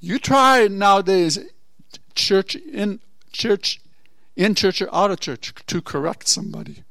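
High bright-voiced male preacher. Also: lively intonation, a little slow, dry recording. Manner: storytelling with asides and rhetorical questions; swings from low murmurs to loud exhortation. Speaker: pastor. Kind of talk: sermon.

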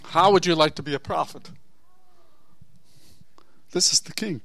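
A pastor delivers a sermon recounting a Bible story with asides and rhetorical questions, shifting from low murmurs to loud exhortation. He speaks at a measured pace with vocal fry, and there's no room sound.

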